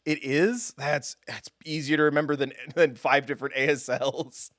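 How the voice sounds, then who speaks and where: A man's voice: a little high, steady tone, moderate pace, a bit bright, dry recording, clean studio sound. A man streaming a game live, chatting casually with his viewers in a self-deprecating, giggly way.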